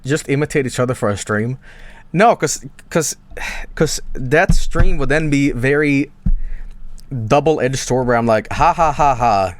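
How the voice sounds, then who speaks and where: A man's voice: mid-range voice, a little slow, no echo. A man streaming from home, chatting casually to his viewers in a rambling, stammering way that keeps interrupting itself. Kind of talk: casual live-stream chat.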